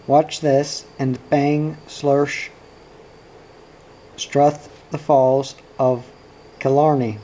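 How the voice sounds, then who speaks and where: A man reading a novel aloud in an unhurried, even storytelling delivery. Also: mid-range voice, rough recording. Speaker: reader. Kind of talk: audiobook narration of a novel.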